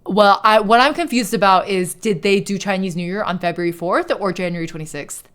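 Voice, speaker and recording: A woman livestreamer in casual chat, reading aloud to her viewers; excitable and chatty, swearing freely. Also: mid-range voice, a little fast, smooth.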